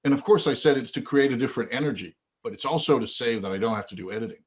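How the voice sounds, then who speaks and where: A man being interviewed on a podcast, his voice sitting at an ordinary middle pitch. He tells a long anecdote with animation, slipping into the voices of the people in it. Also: racing. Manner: animated storyteller who acts out quoted dialogue. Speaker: guest, event organizer.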